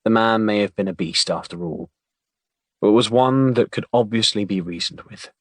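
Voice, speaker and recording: A man narrating an audiobook in a measured, wry storytelling manner. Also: on the low side, no room sound.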